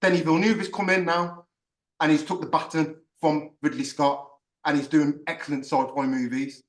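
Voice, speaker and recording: Guy ranting and cursing on a podcast, kinda high voice, roomy echo. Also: normal speed. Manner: animated, swearing, ranting. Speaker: podcast host. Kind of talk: casual ranting chat. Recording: echoey room, far from mic.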